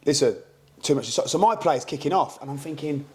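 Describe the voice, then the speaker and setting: A British man on a podcast, a co-host and football manager, telling animated stories and acting out quoted exchanges in casual chat. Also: a little high, a little fast. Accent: British English.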